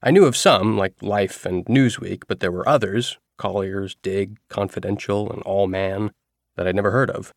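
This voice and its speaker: A man reading a novel aloud as a first-person narrator, in a steady storytelling manner. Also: fairly low pitch, moderate pace, gravelly, no room sound, studio quality. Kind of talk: audiobook narration.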